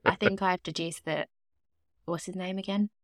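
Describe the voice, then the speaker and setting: A woman's voice: on the low side, steady tone, moderate pace, no echo, studio quality. A woman co-hosting a casual true-crime podcast, chatty and wry. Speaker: podcast co-host.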